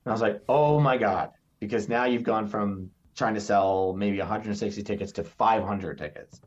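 Brief: male comic guest, low voice, animated anecdotes, dull audio. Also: fairly quick. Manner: animated storyteller, acts out quotes. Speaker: stand-up comedian, podcast guest. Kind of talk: casual interview chat. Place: New York area.

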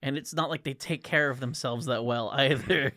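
A man chatting casually about a book, retelling scenes with lively quoted dialogue. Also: mid-range voice, normal speed, no room sound, clean studio sound. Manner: animated retelling, quoting characters. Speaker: podcast co-host discussing a book. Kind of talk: casual chat.

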